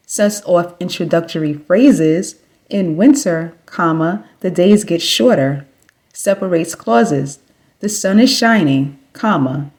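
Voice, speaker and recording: A woman narrating a scripted grammar lesson in a measured, deliberate way, spelling out each punctuation mark. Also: lowish voice, darkish tone. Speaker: grammar teacher.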